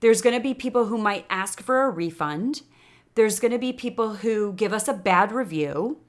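A woman's voice: mid-range voice, lively intonation, moderate pace. Upbeat woman hosting a podcast. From Chicago, United States. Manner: upbeat, chatty, encouraging. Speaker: podcast host. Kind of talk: motivational podcast monologue. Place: Texas.

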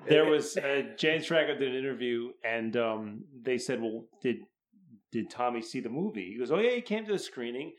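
A man's voice: mid-range voice, animated, moderate pace. A man on a casual podcast telling anecdotes and acting out quoted lines. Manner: storytelling with quoted asides. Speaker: podcast co-host. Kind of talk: casual chat.

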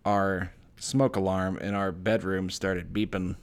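A man co-hosts a podcast in loose, casual chat, rambling and sarcastic, packing in fillers and jokes at his own expense. His voice is low and smooth, with a level tone and an unhurried pace.

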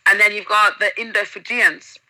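A woman's voice: mid-range voice, steady tone, moderate pace, sharp tone, no echo, rough recording. A woman in casual interview chat, telling stories enthusiastically and vividly as a guest. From England.

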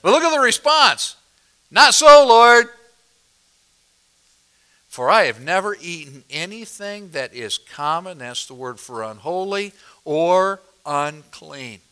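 A pastor preaching a sermon, explaining a passage verse by verse and asking the congregation questions, moving between loud emphasis and quiet asides. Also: male voice, a little high, sing-song, unhurried. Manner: expository, asks the congregation questions.

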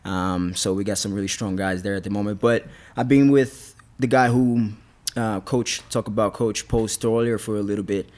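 Guy chatting loose on a podcast, bit low-pitched, lots of restarts. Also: normal speed, hardly any pauses, a little mellow. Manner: rambling, restarts, laughs often. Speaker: MMA fighter, podcast guest. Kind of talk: casual storytelling interview.

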